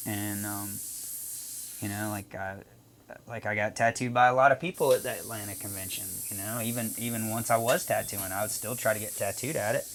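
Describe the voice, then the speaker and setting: A man's voice: lowish voice, fairly even intonation, fairly quick, a bit bright, slight background noise. Profane storytelling tattoo artist, a man. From North Carolina. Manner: profane, rambling, acts out both sides of the old conversation. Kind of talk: casual storytelling chat. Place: tattoo studio, painting while talking.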